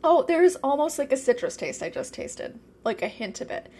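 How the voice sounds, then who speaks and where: In a mid-range, sing-song voice with a somewhat dark tone, a woman hosts a casual podcast alone at normal speed. Eating throughout, she sometimes speaks with food in her mouth and rambles through her thoughts with frequent fillers.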